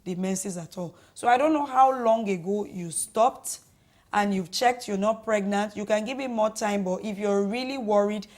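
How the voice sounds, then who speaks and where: Brief: Nigerian woman, guest doctor on call-in radio, measured advice, mid-pitched voice. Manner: calm, measured, advising.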